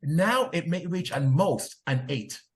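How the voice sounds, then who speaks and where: Guy hosting a podcast, kinda high voice, gets worked up and goes up even higher. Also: slow pace. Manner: excitable, voice climbs high when animated. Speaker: podcast host. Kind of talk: casual podcast chat.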